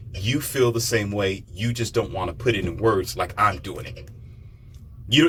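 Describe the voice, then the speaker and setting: Emphatic low-voiced man preaching to listeners. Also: fairly bright tone, breathy edge. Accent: American. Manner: preachy and emphatic, repeats phrases, addresses listeners directly. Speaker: podcast host. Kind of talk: motivational monologue.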